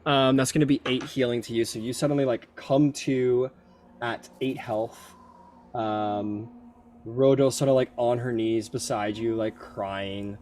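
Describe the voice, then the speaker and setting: A man's voice: medium pitch, fairly even intonation, a little slow, a little mellow, a little hiss or hum. Rambling tabletop game master man. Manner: loose, filler-heavy narration.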